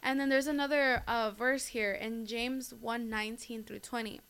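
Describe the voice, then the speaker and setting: A woman's voice: fairly high pitch, fairly even intonation, moderate pace, fairly bright tone, clean tone. A young woman giving a casual devotional talk as host, chatty and full of fillers, often calling her listeners "guys". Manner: chatty, lots of fillers and "like", laughs at herself.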